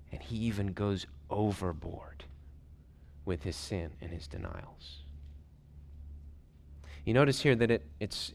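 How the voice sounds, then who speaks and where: Animated preaching man, sermon style. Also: mid-range voice. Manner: animated preaching, voices quotes in hushed whispers; conversational, folksy asides. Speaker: pastor.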